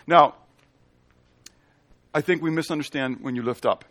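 This is a sermon with Bible reading from a man teaching as pastor, his voice on the high side. He's emphatic, questions the room and supplies the answers, and stretches each scripture quote out loud and slow.

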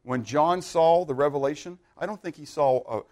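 High-voiced animated male preacher. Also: moderate pace. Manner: animated, asks the congregation questions; swings between loud emphasis and hushed asides. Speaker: pastor. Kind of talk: sermon.

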